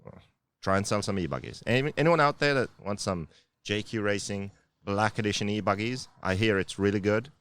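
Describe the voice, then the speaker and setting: Male podcast host, very low voice, sarcastic teasing banter. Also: fairly quick, fairly bright tone, clean tone. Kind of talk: casual chat.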